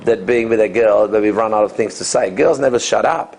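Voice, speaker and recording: A man in his fifties with a low, gravelly, husky voice talks as a dating coach in an interview. His answers ramble loosely, with frequent restarts and fillers. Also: a little fast, a little mellow, poor audio. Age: 50s. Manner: loose, rambling, full of "you know" and restarts.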